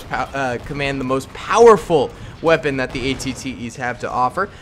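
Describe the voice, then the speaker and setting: A man's voice: fairly high pitch, fairly bright tone, a little hiss or hum. Upbeat young man narrating gameplay. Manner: upbeat, chatty, chuckles often. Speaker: gaming channel host. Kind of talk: casual gameplay commentary.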